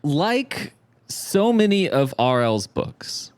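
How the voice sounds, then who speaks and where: A man co-hosting a podcast, playfully summarizing a book with animated storytelling. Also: on the high side, takes it slowly, clean tone, no room sound. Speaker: podcast co-host.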